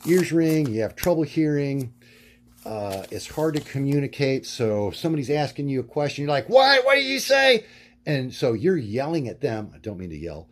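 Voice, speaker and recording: A middle-aged man talking through his notes in a rambling monologue, halting and full of fillers, often searching for words. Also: medium pitch, lively intonation, dark tone. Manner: halting, many fillers and restarts. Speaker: vlogger.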